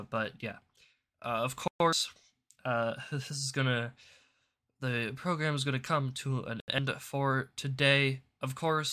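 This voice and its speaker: Guy ranting on his politics show, bright voice, trips over his words a lot. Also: mid-range voice. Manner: rambling, stammering, repeats words. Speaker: show host. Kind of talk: casual political commentary.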